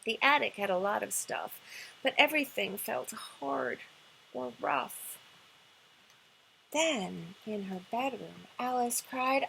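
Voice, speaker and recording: A woman librarian reading a picture book aloud at storytime in a gentle, expressive way. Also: on the high side, takes it slowly, vocal fry, pauses often, slight background noise, rough recording. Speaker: children's librarian.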